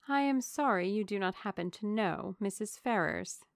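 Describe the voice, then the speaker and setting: A woman's voice: medium pitch, lively intonation, moderate pace, vocal fry, dry recording. A woman voicing a coy, fawning young woman who confides in a gushing, falsely humble way. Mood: confiding.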